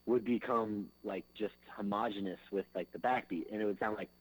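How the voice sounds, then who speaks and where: A man's voice: fairly low pitch, fairly even intonation, brisk, rough recording. A man, a drummer being interviewed, talking in a loose, rambling way full of fillers, sometimes singing drum beats with his mouth. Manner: loose and rambling, fills with "like" and "you know". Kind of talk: casual interview chat.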